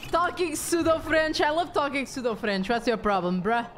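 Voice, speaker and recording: A woman live-streaming a horror game, with excitable, jokey commentary and plenty of swearing. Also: high voice, a little slow, slight background noise.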